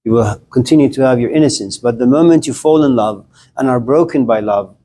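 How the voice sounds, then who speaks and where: A man's voice: mid-range voice, fairly quick, mellow, slight background noise. A man giving a casual classroom lecture in a conversational, joking way, often speaking directly to his students.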